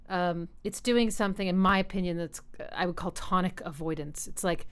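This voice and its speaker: A woman's voice: lowish voice, fairly even intonation, moderate pace. A woman teaching music, casually thinking aloud as she breaks down a piano piece and hums the melody lines. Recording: loud piano music behind. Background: piano playing.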